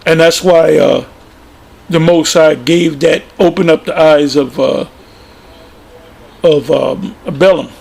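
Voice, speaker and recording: A man's voice: fairly high pitch, steady tone, slow pace, gravelly, pauses often, darkish tone, slightly rough. A man giving informal religious commentary, plain-spoken and emphatic, often repeating himself. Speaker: preacher.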